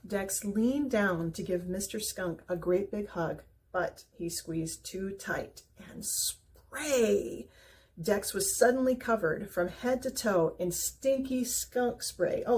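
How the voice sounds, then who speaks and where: Woman, picture book reader, gentle and expressive, mellow soft voice, faint background hiss. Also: medium pitch, a little slow, few pauses. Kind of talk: reading a children's book aloud.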